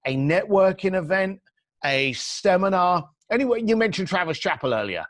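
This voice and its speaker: A man's voice: sits high, lively intonation, normal speed, fairly bright tone, dry recording, studio quality. A man being interviewed on a podcast, telling stories and giving blunt advice while acting out quoted dialogue. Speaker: entrepreneur guest. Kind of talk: animated storytelling advice.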